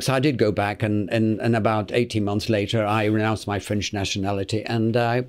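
A British actor around eighty, telling lively stories in an interview, chuckling and acting out the other people's voices. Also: male voice, on the low side, a little fast, a little hiss or hum. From Britain. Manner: lively raconteur, acts out the voices in his anecdotes, chuckling, repeats words. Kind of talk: anecdotal interview storytelling.

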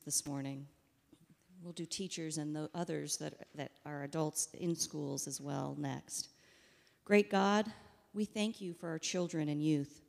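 A woman leading a congregation in a steady, reverent pastoral prayer. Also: on the low side, gravelly, big-room sound. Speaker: worship leader leading prayer.

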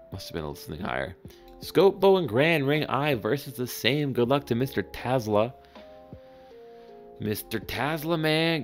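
A man giving excitable, joking live commentary over gameplay, with sudden high-pitched exclamations. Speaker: gaming channel host.

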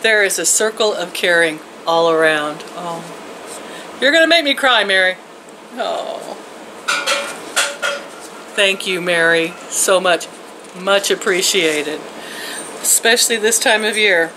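A woman's voice: fairly low pitch, expressive, takes it slowly, long pauses, bright, forceful tone, a little hiss or hum, rough recording. An older woman chatting casually to her viewers from home in a folksy way, laughing often and talking to her pets. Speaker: vlogger. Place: home, indoors and out in her yard.

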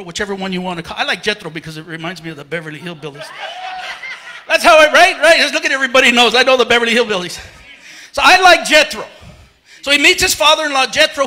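A man's voice: extremely high pitch, bright, forceful tone. A male pastor preaching a sermon, out of breath, often stumbling and repeating words as he retells a story. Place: church.

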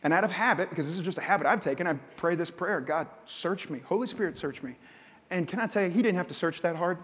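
A man in his thirties preaching a sermon, telling stories and acting out voices, swinging from loud outbursts to hushed prayer. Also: sits high, racing. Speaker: pastor. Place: large church hall. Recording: church hall with long reverb.

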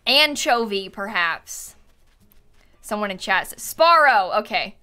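A woman's voice: mid-range voice, animated, slow, pushed and bright, smooth. A young woman chatting casually on a live stream, thanking viewers with frequent fillers and laughs.

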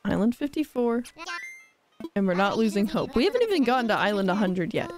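A young woman chats her way through a live game stream, bubbly and quick to giggle, rambling as she reacts to chat. Her voice sits at an everyday middle pitch. Faint game music plays underneath. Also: sing-song.

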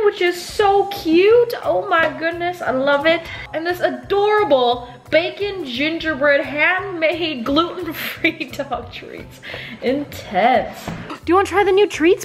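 A woman's voice: very high-pitched, a bit bright. A woman vlogging in a bubbly, casual way who often coos at her puppy. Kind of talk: casual vlog chat.

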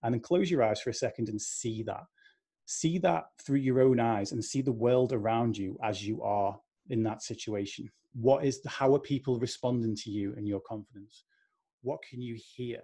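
A northern English man talks to an online audience, slipping into little voices for the thoughts he describes. His tone is mellow and soft-edged. There is a slight husk to it. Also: medium pitch, normal speed, husky. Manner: conversational, acts out inner voices. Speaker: speaker. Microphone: video call.

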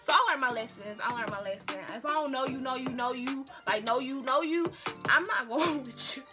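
For her vlog, a young woman tells a story briskly and with animated drama, repeating lines for emphasis. Her voice is slightly high, and loud music runs underneath the whole time.

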